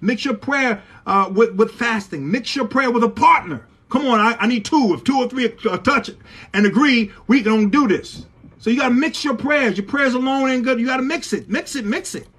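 High-voiced fervent preaching man. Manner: fervent, repetitive preaching with sudden loud rises. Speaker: pastor. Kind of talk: preaching a Bible study sermon.

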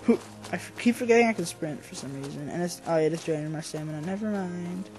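A man's voice: a little high, quick pace, darkish tone, faint music behind. Goofy young man narrating a game. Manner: goofy, rambling, jokey. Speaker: gamer host. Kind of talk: let's play commentary. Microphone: desk microphone.

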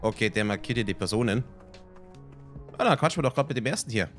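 A man's voice: on the low side, lively intonation, fast, a bit bright, soft background music. Laid-back man narrating gameplay. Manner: laid-back, amused, laughs often. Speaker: let's play host. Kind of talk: casual gameplay commentary.

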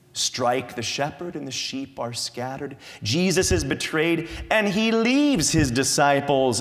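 A middle-aged man preaching a sermon as pastor, lively with many repeated words and fillers. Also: medium pitch. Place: church sanctuary. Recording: long church reverb.

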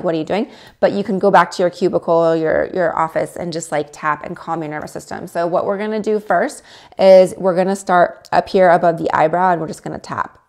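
A woman's voice: lowish voice, creaky, darkish tone. A woman hosting a casual livestream, coaching viewers step by step and acting out their inner voices. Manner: coaching, demonstrates tapping, acts out inner voices. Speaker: livestream host.

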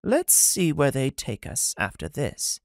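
A man voicing a calm woman who speaks slowly and measured. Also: mid-range voice, vocal fry, no echo, clean studio sound, voice pushed up.

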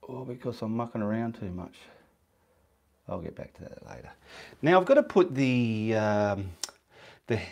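A man's voice: fairly low pitch, animated, normal speed, gravelly, pauses often, a little mellow. A man talking casually through a live painting demonstration, chatting as he works and muttering to himself between steps. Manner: chatty, casual, talks while working. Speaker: painting instructor. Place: home studio, indoors.

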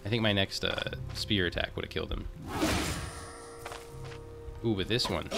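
Let's play host: deep gravelly male voice, rambling casual commentary, faint game music behind. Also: moderate pace, pauses often. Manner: chatty, talks to himself and the game, frequent restarts.

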